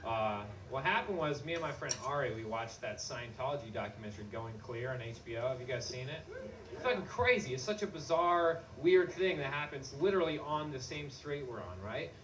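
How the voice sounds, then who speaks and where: A man doing stand-up comedy, talking in an excited, casual, profane way. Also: mid-range voice, brisk, distant mic. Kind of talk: stand-up storytelling. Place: comedy club stage. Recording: roomy club sound with noise.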